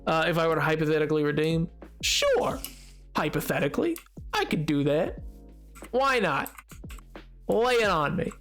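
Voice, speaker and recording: A man streaming a game, chatting casually and excitably with his viewers. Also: a little high, normal speed, long pauses, faint music behind. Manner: chatty and excitable, reacting to chat. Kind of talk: casual chat while playing.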